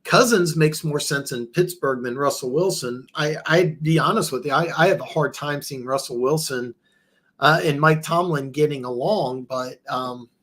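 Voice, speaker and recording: A man hosting a casual football talk show, his voice sitting a bit higher than most men's. He rambles and stammers through restarts, then climbs sharply in pitch when something baffles him. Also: moderate pace, a bit bright. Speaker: podcast host.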